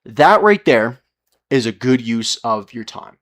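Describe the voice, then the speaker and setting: Male streamer, casual and profane, mid-pitch voice, trips over his words. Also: very animated, measured pace, fairly bright tone. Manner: rambling, profane motivational rant with many restarts. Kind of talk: casual live-stream talk.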